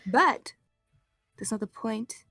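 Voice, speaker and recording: A woman voicing an anxious young adventurer who talks haltingly, in a tabletop role-play. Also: on the high side, expressive, sharp tone, breathy edge, no echo, clean studio sound, faint music behind, exaggerated voice. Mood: worried. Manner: hesitant, halting.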